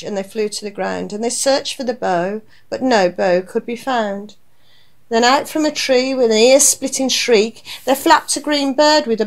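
A woman reading a rhyming children's picture book aloud on radio, with lively, expressive storytelling. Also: a little high.

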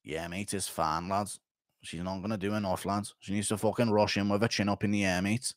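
A brash young male fighter mutters his take, low and quiet, as a man does the voice. He tacks "mate" and "lads" onto every line. The voice sits low and soft. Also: flat delivery, fairly quick, dry recording, studio quality, lightly acted. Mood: dismissive. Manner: mumbled, dropping "mate" and "lads".

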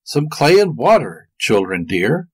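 Kindly little birds with bright, chirpy voices, put on by a male storyteller. He pitches up into a lilting sing-song with a husky edge. It is recorded dry. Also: very animated, a little slow, no room sound. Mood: friendly. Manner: chirpy, friendly.

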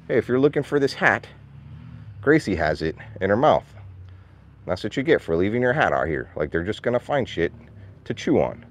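A man's voice: mid-range voice, no room sound. A man vlogging casually outdoors on his farm, rambling and repeating himself. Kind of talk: casual vlog chat.

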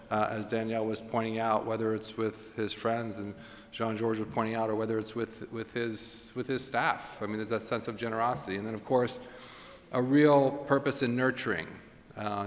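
Earnest american guy on a panel, lots of restarts, echoey auditorium. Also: mid-range voice. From United States. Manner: halting, earnest, full of restarts. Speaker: panelist chef. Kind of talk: panel discussion on stage. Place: large auditorium. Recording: long hall reverb.

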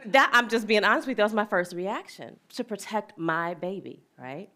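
A woman's voice: medium pitch, lively intonation, moderate pace, pushed and bright. A middle-aged woman speaking as a wellness and equity speaker, earnest and plain-spoken, sharing a personal story in a reflective talk and laughing easily.

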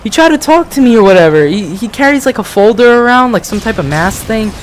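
Young man voicing an exasperated mother, high falsetto, outraged, gossipy. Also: animated, brisk, slight background noise, low-quality recording. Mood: indignant. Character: exasperated middle-aged mother back from the bus.

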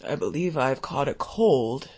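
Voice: lively intonation, unhurried, a little mellow, husky. A reader putting on a muttering, feverish hungry man. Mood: weary muttering. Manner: low, muttering, self-reproaching. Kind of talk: audiobook reading of a short story.

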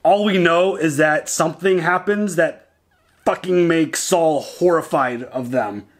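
A man co-hosting a casual reaction chat, his voice sitting a little high for a man. He talks eagerly and quickly, slipping into short quoted lines as he retells scenes. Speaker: reaction show co-host.

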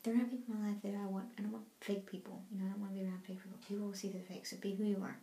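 A woman chatting casually and rambling in a late-night vlog from a dark room at home, laughing now and then. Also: medium pitch, flat delivery, rapid-fire. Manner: laid-back, rambling, laughs often. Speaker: vlogger. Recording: roomy home room, faint noise.

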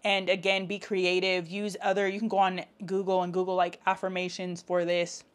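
A woman with a somewhat low voice talks casually through uplifting affirmations. She laughs easily and keeps an encouraging, chatty tone. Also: flat delivery, normal speed, clean tone. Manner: warm encouraging, laughs often, speaks affirmations aloud. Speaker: self-help vlogger.

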